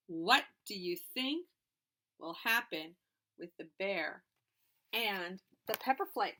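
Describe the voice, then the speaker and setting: A woman reading a picture book aloud to children, animated, pausing to explain words and ask questions. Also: mid-range voice. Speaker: storybook reader for children.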